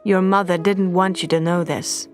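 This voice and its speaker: A woman reading an audiobook voices a serious middle-aged father who is a prince, speaking in a measured, grave way. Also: lowish voice, fairly even intonation, faint music behind, close to an everyday voice.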